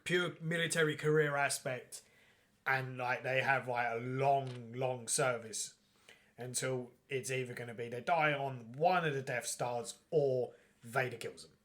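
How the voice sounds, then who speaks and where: A man's voice: medium pitch, fairly even intonation, a little slow, a bit bright. A man hosting a podcast, chatting casually with a rambling, profane, often laughing manner. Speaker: podcast host. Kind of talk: casual chat.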